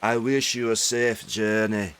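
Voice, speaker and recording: A formal male correspondent as a man plays him in a put-on English accent. He reads slowly and deliberately, courteous and stiff. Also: lowish voice, steady tone, fairly bright tone, clean tone.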